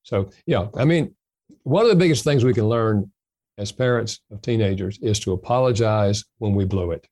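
Mellow-voiced older man giving advice. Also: lowish voice, moderate pace, no echo, studio quality. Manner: gentle, folksy advice-giving. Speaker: guest author. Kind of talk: interview conversation.

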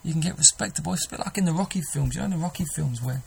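Preacher guy giving a sermon, gravelly husky voice, earnest, keeps restarting. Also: fairly high pitch, very fast, poor audio.

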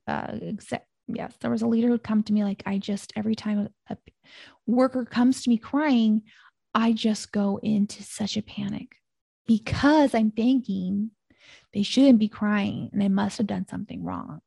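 Gravelly, husky woman with a reassuring voice. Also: on the high side, no room sound. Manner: gentle, reassuring, repeats calming phrases. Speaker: podcast host. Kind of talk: solo podcast teaching talk.

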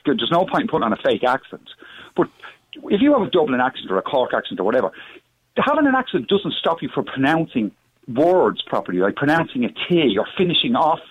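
A man originally from the Netherlands calling in to a radio show, blunt and opinionated, with a husky voice over a tinny phone line. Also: on the high side, very animated, a little fast. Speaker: caller. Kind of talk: phone-in call.

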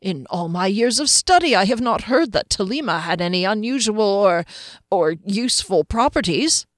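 A woman's voice: medium pitch, animated, normal speed, dry recording, studio quality, close to an everyday voice. A woman voicing a nervous, scrawny little male herbalist who stammers and stays stiffly polite.

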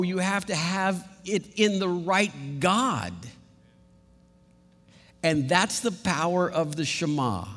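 Earnest preacher, hall reverb. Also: male voice, fairly high pitch. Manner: earnest, repeats himself when restarting. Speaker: pastor. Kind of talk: sermon.

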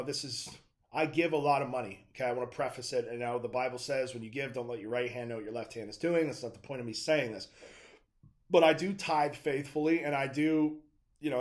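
Earnest young man preaching conversationally. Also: medium pitch. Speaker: Christian speaker. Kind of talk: preaching monologue.

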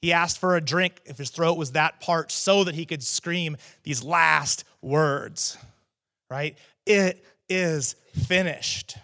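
Conversational pastor preaching with loud bursts. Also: male voice, on the high side, unhurried, vocal fry, hardly any pauses. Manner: conversational, restarts and asides to the congregation; builds to loud emphatic proclamations on key phrases. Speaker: teaching pastor. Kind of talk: sermon.

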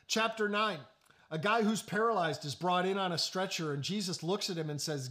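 A male pastor preaching a sermon, animated, with joking asides and sudden drops to hushed, slow emphasis. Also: high-pitched.

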